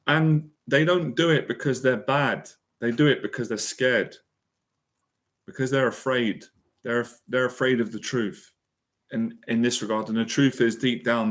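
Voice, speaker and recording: With a medium pitch and a fairly bright tone, a man gives an earnest motivational monologue as a mentor for anxiety and confidence. Emotion runs through it, and he repeats lines to underline his points.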